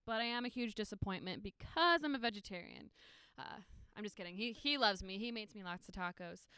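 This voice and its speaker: A young woman does stand-up with chatty, self-mocking asides. Her voice is bright, smooth and fairly high. The sound is close and dry. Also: fairly quick, no echo. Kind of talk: stand-up comedy.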